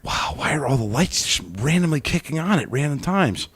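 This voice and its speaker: A man's voice: on the high side, lively intonation, a little fast, a bit bright, slightly rough, no room sound. A man co-hosting a podcast in casual banter, joking and laughing often while reading listener reviews aloud. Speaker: podcast co-host.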